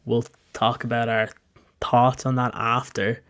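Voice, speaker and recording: Live-stream co-host, man, flat delivery, relaxed and conversational. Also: mid-range voice, unhurried, smooth. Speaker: podcast co-host.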